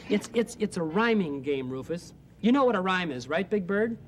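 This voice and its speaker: A man hosting a children's TV show, speaking in a gentle, soft-spoken and coaxing way. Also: sits high, animated, normal speed, a crowd in the background. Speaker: host. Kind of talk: children's TV presenting.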